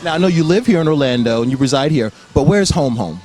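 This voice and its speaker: A man's voice: fairly high pitch, lively intonation, quick pace. A man interviewing a fellow bodybuilder at a gym, cutting in with short reactions and follow-up questions. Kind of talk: casual interview.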